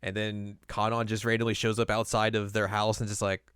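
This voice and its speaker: Playful man with a smooth, dry voice. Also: lowish voice, completely flat delivery, fairly bright tone, dry recording. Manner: playful, acts out characters' lines in quick put-on voices. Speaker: anime podcast co-host. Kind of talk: casual recap chat.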